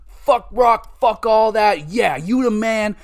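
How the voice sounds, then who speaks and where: A swaggering, foul-mouthed wrestler, all bravado and crude hype, pitched a touch higher than a normal speaking voice, as a podcaster puts him on. The lines come out with a lively rise and fall. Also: male voice, slow, full character voice. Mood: hyped. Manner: swaggering, profane. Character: brash hyped-up male wrestler, crude and cocky.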